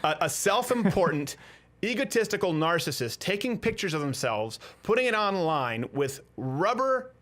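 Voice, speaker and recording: A male host riffing in casual comedic chat, sarcastic and mocking. His voice sits high and swings widely in pitch. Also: very animated, a bit bright. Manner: sarcastic, mocking, quick jokey asides. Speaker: comedy talk show host.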